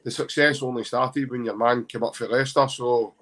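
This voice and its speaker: A man's voice: mid-range voice, a little fast. Jokey Scottish man on a podcast. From Glasgow, Scotland. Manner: jokey, animated, self-mocking. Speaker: podcast guest. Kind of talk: casual podcast chat.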